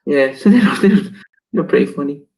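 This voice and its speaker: Slightly high-voiced guy rambling on a fan chat show, laughs a lot, forgets names. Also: animated, moderate pace, vocal fry, a loud crowd, low-quality recording. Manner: rambling, loses his train of thought, laughs often. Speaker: co-host. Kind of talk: casual chat.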